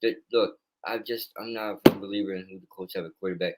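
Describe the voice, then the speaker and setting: A man with a fairly low voice co-hosts a loose football picks chat. He is blunt and excitable, and he trash-talks players as he goes. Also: fast, heavy background noise. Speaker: co-host. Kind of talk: casual sports picks chat.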